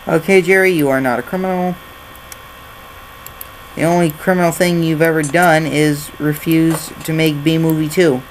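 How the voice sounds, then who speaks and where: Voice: medium pitch, steady tone, normal speed, a little hiss or hum, low-quality recording. A gaming channel host giving jokey let's-play commentary while reading game documents aloud.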